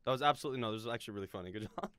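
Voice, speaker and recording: A man's voice: fairly low pitch, rapid-fire, fairly bright tone. A man hosting a casual gaming session with friends, giggling and bursting into laughter as he talks. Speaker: host.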